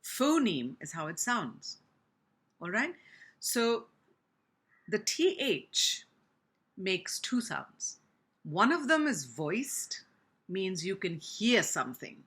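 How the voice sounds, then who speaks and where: A woman speech teacher from India giving a pronunciation lesson, speaking slowly and deliberately and demonstrating each sound with exaggerated articulation. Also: medium pitch, big pitch swings, a bit bright, slightly rough.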